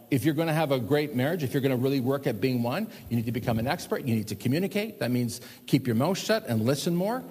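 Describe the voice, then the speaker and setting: A man preaching a sermon to a congregation, animated, swinging between loud emphatic lines and hushed, slow ones. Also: mid-range voice, husky. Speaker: pastor. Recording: long hall reverb.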